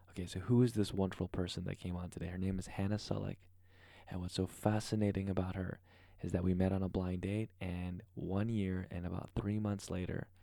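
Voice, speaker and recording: A man hosting a podcast, talking fast and rambling through a playful off-the-cuff intro at home. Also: sits low, gravelly, warm tone, no room sound, clean studio sound. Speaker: podcast host. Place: converted garage at home. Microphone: podcast microphone.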